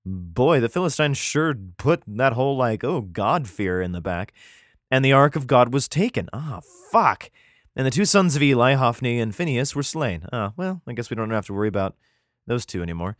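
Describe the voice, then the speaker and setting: A young man reads archaic scripture in a dry, close-miked voice, stopping often to mock it with crude, sarcastic asides. His voice sits in an ordinary middle pitch for a man. The reading swings between formal verse and blunt, swearing commentary. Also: very animated, brisk, no echo. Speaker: host reading scripture aloud. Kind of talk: irreverent comedic reading with profane asides.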